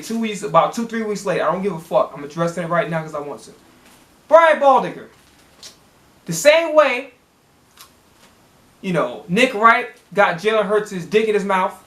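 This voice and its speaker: A man's voice: high-pitched, big pitch swings, normal speed, pauses often, fairly bright tone, reverberant. A man from Chicago talking straight to camera in a blunt, profane sports rant, full of restarts and heat. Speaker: sports vlogger. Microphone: camera in a home setup.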